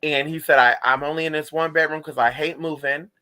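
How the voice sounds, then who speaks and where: A man telling a story in a casual vlog, animated and full of profanity, speaking straight to his viewers. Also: a little high, brisk, rough recording.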